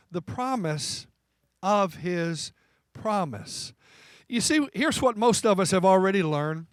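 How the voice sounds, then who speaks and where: A man's voice: high-pitched, dry recording. A man preaching a folksy, emphatic sermon in church, repeating key phrases for stress. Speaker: pastor. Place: church sanctuary.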